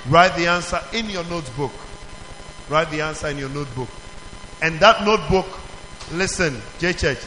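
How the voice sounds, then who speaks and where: A man teaching a children's church in call-and-response, asking questions and prompting the group to answer. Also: fairly high pitch. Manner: animated, questioning the audience, calling for answers. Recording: reverberant hall.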